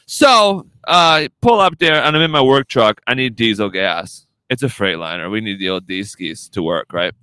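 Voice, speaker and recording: Lively, bright-voiced podcast host guy. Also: on the low side, moderate pace, few pauses, clear, resonant tone, no room sound. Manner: rambling, swears a lot, laughs at own stories. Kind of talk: casual profane chat.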